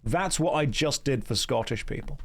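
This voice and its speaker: A man's voice: medium pitch, lively intonation, normal speed, slightly rough. A man chatting playfully while streaming a game, joking and reading viewer comments aloud. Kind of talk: casual live-stream chat.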